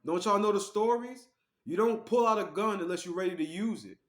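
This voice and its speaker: A man giving casual, animated storytelling commentary as an online vlogger. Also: sits high, a little fast, echoey room. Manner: animated, acts out quoted voices.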